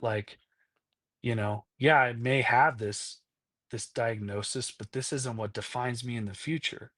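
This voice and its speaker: An earnest podcast guest in his thirties tells his own story with open, unpolished honesty, repeatedly checking in with "right?" and "you know?" and acting out past conversations in quoted voices. His fairly bright voice sits at an ordinary middle pitch. It's captured dry and close, with no room sound.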